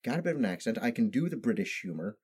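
A man's voice: medium pitch, very animated, racing, a little mellow, breathy edge. A man in his thirties, a podcast guest, telling stories in a precise, carefully placed way of speaking with no regional accent. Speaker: podcast guest, improv actor. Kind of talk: casual storytelling chat.

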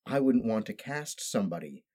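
A man in his thirties, an improv actor appearing as a podcast guest, tells stories in a casual chat. His speech is precise and carefully placed with no regional accent, and his low-leaning, mellow voice is very animated at a moderate pace.

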